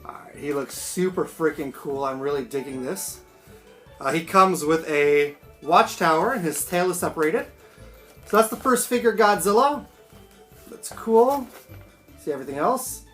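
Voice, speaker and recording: A man chatting excitedly and swearing casually through a home unboxing vlog. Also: on the high side, moderate pace. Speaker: toy collector vlogger. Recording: roomy echo, faint background music.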